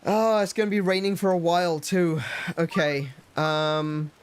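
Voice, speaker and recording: A man's voice: on the high side, steady tone, a little slow, slight background noise. A man casually commenting as he plays a video game, musing aloud and correcting himself as he goes. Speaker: let's play host.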